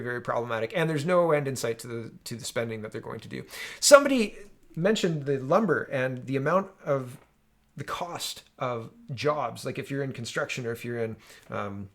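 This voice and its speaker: A slightly higher-pitched man talks through the news in a loose, sarcastic commentary style. He scoffs, asks "right?" again and again, and works himself up. He sounds close on a home desk mic. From Canada. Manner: sarcastic, animated, frequent "right?" asides. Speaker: political commentary host. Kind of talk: casual political commentary.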